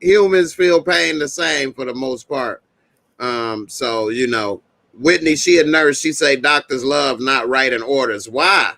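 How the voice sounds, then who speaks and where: A man's voice: medium pitch, unhurried, sharp tone, no echo. A man hosting a casual roundtable review chat, joking and making playful asides. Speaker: host of a review show.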